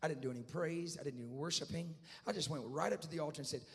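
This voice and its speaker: A man preaching a sermon as a traveling evangelist, telling a story quietly and then rising to loud shouted climaxes. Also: on the high side, quick pace, in a large hall. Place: church sanctuary.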